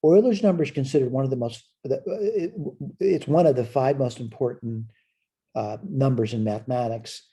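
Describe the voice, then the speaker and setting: Guy teaching a college math class, deep warm tone with some rasp, keeps repeating himself while he writes stuff up. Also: moderate pace. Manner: asks questions and answers them himself; repeats phrases while writing on a board. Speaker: math lecturer. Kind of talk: recorded college lecture.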